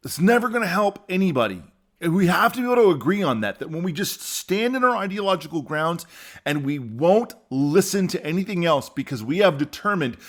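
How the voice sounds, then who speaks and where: A man delivers a solo podcast monologue in a voice pitched a little above the usual male range. He talks earnestly, repeats phrases for emphasis, and swings between forceful pushes and quiet, lowered stretches. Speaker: podcast host.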